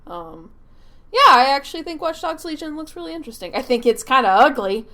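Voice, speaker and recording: A woman's voice: high voice, a little fast. A woman co-hosting a podcast, chatting casually, swearing and laughing often. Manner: animated, profane, laughs often. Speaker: podcast co-host. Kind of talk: casual chat. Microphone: remote call.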